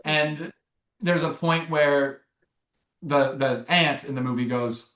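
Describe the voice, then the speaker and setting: A man's voice: on the high side, takes it slowly. Rambling young man, echoey room. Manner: rambling, animated, many restarts and fillers. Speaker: filmmaker guest. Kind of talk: casual interview storytelling.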